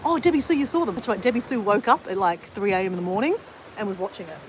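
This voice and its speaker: This Australian vlogger speaks quickly at a medium pitch, chatting to live viewers while she exercises and rambling with plenty of fillers and restarts. The recording is rough, with slight background noise.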